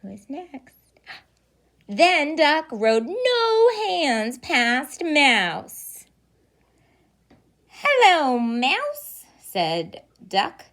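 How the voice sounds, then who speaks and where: A preschool teacher reading a picture book aloud to young children, pausing for gasps and questions along the way. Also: female voice, sits high. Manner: animated storytelling with gasps and questions.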